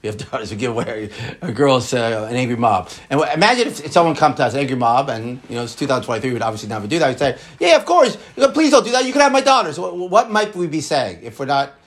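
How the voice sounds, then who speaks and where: A man teaching a Torah class, quoting Hebrew texts and explaining them in an animated, repetitive way. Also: mid-range voice, fast talker, hardly any pauses. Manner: animated, repeats words, quotes Hebrew texts.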